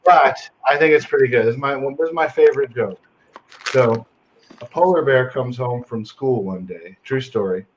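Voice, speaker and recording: A man telling a favorite joke to friends in a dry, deadpan way. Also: medium pitch, normal speed, highs cut off, a little hiss or hum.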